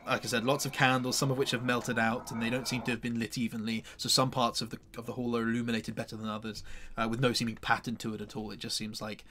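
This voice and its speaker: A man's voice: medium pitch, little pitch movement, fast, few pauses, sharp tone, slight background noise. A man narrating as game master for a tabletop game, hesitant and full of fillers.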